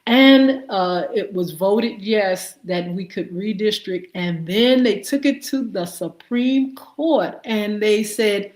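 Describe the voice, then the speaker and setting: A woman's voice: mid-range voice, takes it slowly, hardly any pauses, a little mellow. A woman hosting a live morning show, greeting viewers by name and giving show updates with many fillers. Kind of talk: live-stream greetings and announcements. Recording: echoey room.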